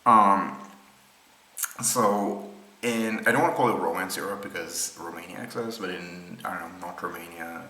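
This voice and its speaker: Deep-voiced man explaining maps in an echoey room. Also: moderate pace, sharp tone. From Israel. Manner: thinks aloud with many ums and restarts. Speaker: presenter explaining rail maps. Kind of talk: unscripted screen-share explainer. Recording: roomy echo with faint ambience.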